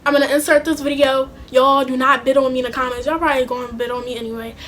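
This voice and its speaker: A young woman telling a casual storytime vlog, animated and slangy, with some swearing. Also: sits high, fast. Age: young adult. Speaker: vlogger.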